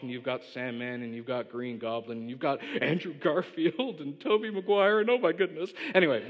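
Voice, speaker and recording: A man's voice: medium pitch, highs cut off. A man preaching a sermon in a casual, conversational way, with asides and chuckles, as a pastor. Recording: long reverb of a large hall.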